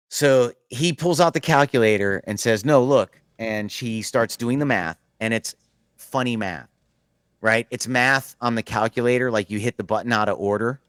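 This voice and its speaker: Chatting casually on his podcast, a middle-aged man tells a long, meandering story, frequently starting over and laughing throughout. His voice sits on the low side, and there's no room sound.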